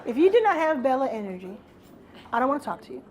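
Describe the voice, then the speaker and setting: A woman's voice: sits high, very animated, quick pace. A woman speaking on stage at a live event, playful and emphatic, calling out to the whole room. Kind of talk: energetic live talk to an audience. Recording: live hall with crowd and music behind.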